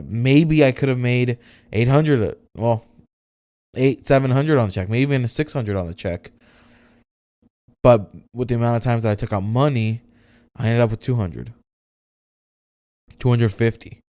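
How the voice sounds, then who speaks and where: A young man hosting a solo podcast, speaking candidly in a halting, emotional way, near tears and swearing often. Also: on the low side, a little mellow, no room sound. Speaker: podcast host.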